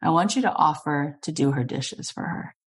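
A woman with a very low-pitched voice hosts a relaxed interview. She tells personal stories in an animated way and often breaks into laughter. Her delivery is expressive and conversational. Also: normal speed. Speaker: podcast host.

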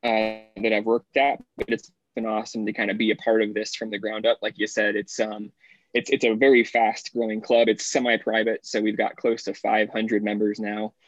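A man's voice: on the low side, little pitch movement, moderate pace, dry recording, muffled recording. A man being interviewed as a golf professional, explaining steadily with frequent fillers. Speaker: assistant golf professional, guest. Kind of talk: casual podcast interview.

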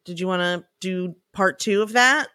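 Animated woman telling a story. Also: fairly low pitch, moderate pace, no echo, studio quality. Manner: animated storytelling, breaks into loud excited impressions. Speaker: podcast co-host. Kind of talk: casual chat.

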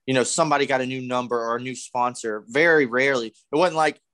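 A young man co-hosting a casual podcast chat, telling stories excitedly with loud acted-out yells and plenty of swearing. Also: mid-range voice, fast, dry recording. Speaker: podcast co-host.

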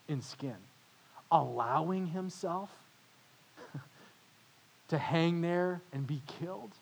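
A male pastor preaching a sermon in a church, retelling a story dramatically. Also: fairly high pitch. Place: church with overflow room.

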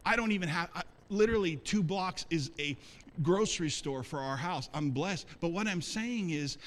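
A man's voice: on the high side, slight background noise, poor audio. Conversational male pastor preaching. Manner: animated, conversational, talks to congregation. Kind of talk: sermon with storytelling. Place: church sanctuary.

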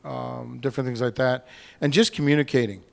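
A man's voice: medium pitch, fairly even intonation, brisk, gravelly. A man on a panel answering an audience question in a candid, rambling way, acting out what others said. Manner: candid, rambling, acts out quotes. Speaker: panel guest. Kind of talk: casual Q&A answer.

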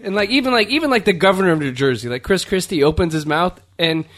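A man's voice: high-pitched, animated, quick pace, no echo. A man from Southern California co-hosting a comedy podcast, joking and riffing with mock East Coast voices. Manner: jokey, slips into loud exaggerated East Coast impressions. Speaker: podcast co-host.

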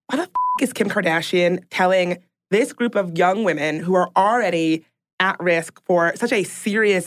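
Emphatic woman podcast co-host. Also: fairly low pitch. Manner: emphatic, indignant, reads out facts. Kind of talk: casual chat.

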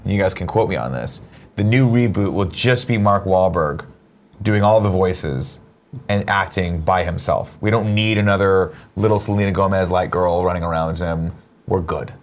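Low voice guy hosting a jokey morning show, sarcastic. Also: normal speed. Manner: sarcastic, joking, animated. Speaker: host. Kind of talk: casual comedy chat.

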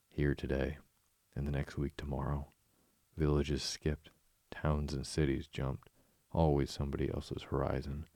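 Guy doing a giddy boastful toad, deep gravelly murmur, dry sound. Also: mellow, no room sound, heavily acted. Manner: rapturous, dreamy murmuring. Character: dreamy boastful male toad, pompous and giddy.

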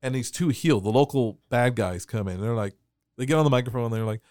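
A man telling a story on a podcast in a casual, animated way, laughing and acting out the voices of people in his anecdotes. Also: mid-range voice, quick pace, no room sound, studio quality. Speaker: wrestling referee telling a story.

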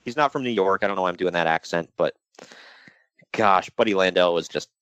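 A man co-hosting a casual podcast chat, animated and jokey, slipping into mock voices. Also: sits low, a little fast, smooth, no echo. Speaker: podcast co-host.

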